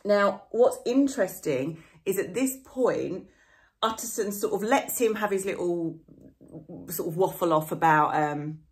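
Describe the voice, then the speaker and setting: A chatty woman teacher walks through a novel in a relaxed lesson. Her talk is loose and full of "sort of" hedges, and she sums up the characters in everyday slang. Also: on the low side, measured pace. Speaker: literature teacher. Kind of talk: casual explanatory lesson.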